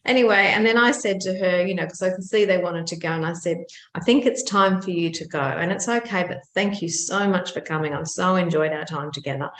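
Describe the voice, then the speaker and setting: A woman, co-hosting a podcast and telling a story in a lively, animated way. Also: fairly low pitch, fairly quick, reverberant. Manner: lively, animated retelling with laughs. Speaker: podcast co-host. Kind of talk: casual storytelling chat.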